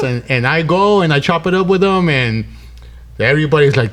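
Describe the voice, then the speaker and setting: A man hosting a podcast in a relaxed, casual way, often saying "man" and "yeah", and getting emotional. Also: fairly high pitch, fairly quick. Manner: relaxed, warm, many fillers like "man" and "yeah". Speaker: podcast host. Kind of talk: casual conversation.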